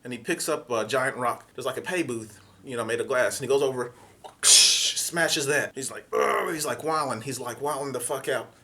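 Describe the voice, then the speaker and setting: A young man telling a comic story in an animated, profane way, acting out voices. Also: medium pitch, moderate pace.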